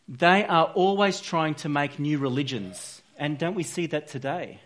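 A man's voice: fairly high pitch, expressive, normal speed, hardly any pauses, fairly bright tone. Earnest man preaching a casual sermon. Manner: earnest, conversational, with frequent restarts and "you know". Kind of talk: informal sermon.

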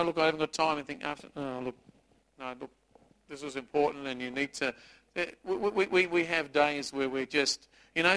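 A middle-aged pastor gives a sermon in a loose, conversational way, teasing people in the pews between points. His voice is bright and sits a little high for a man, with a lively ring that carries. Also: rough recording. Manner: conversational preaching with jokes at the congregation.

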